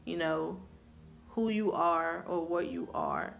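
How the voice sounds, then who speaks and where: Young woman vlogger, earnest personal storytelling, slow and a bit low-pitched. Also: huge pitch swings, vocal fry. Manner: earnest and confessional.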